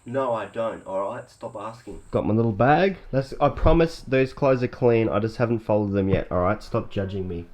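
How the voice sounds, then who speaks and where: A man's voice: on the low side, lively intonation, moderate pace, hardly any pauses. A young Australian man vlogging casually with his mates, laid-back, joking and swearing, recorded outdoors on a handheld camera. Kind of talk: casual vlog chat. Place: outdoors around town and in a car. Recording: loud traffic noise outdoors.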